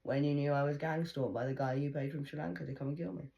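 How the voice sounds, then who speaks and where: A woman's voice: sits low, fairly even intonation, fast, vocal fry, warm tone. A woman vlogger talking in a blunt, rambling monologue full of swearing while she smokes.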